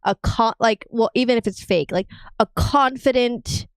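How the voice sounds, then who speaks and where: A woman's voice: a little high, normal speed, clean tone, no echo. A woman co-hosting a casual live podcast, playful and teasing, breaking into giggles. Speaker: podcast co-host. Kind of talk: casual live-stream chat.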